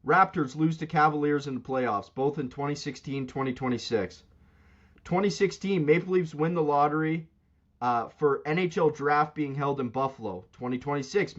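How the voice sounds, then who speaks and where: A man co-hosting a casual sports podcast, ranting loudly and mocking rival fans. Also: moderate pace. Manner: loud, mocking rants with big pitch jumps. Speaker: podcast co-host. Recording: dull lo-fi sound.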